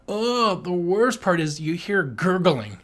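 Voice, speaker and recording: A man co-hosting a podcast in casual chat, crude and joking, with an animated way of talking. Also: sits high, takes it slowly. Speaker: podcast co-host.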